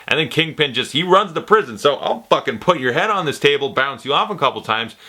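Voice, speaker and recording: A man talks through a TV series review in an excitable, rambling way, swearing freely as he jumps between scenes. His voice is bright and forceful, and his pitch sits in a middle range. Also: a little fast. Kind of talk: casual spoken review.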